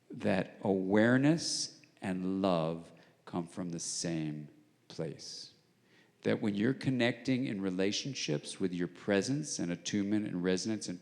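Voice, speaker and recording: A man giving a public lecture, explaining ideas in a conversational way and acting out bits of dialogue, sometimes dropping to a hush. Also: lowish voice. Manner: conversational, acts out dialogue, drops to hushed tones for emphasis. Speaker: guest lecturer. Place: large arts center auditorium. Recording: long reverb of a large hall. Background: live audience.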